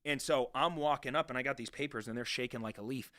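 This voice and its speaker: A man speaks as a guest with a bright, tense edge to his voice. He tells his story candidly and uses a lot of profanity, dropping low and then rising loud. The sound is close and dry, with no room echo. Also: quick pace. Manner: animated, profane, swings from hushed to loud. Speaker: guest, real estate investor.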